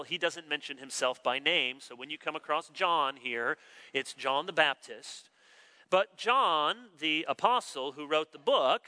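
Bright, animated preacher. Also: male voice, sits high, poor audio. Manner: animated, acts out quoted voices. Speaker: pastor. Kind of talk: expository sermon.

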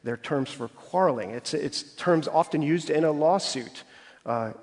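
A man's voice: on the high side, measured pace, a little mellow. A man preaching an expository sermon, explaining scripture with everyday stories and acting out quoted voices with rising emphasis. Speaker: pastor. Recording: long hall reverb.

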